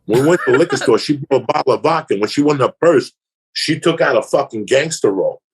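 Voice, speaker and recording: A man spins a crude, profane story in a relaxed podcast conversation. His voice is husky and gravelly, and he lets the pitch rise and fall freely as he talks. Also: fast talker. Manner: crude, profane, animated anecdote-telling. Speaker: comedian guest.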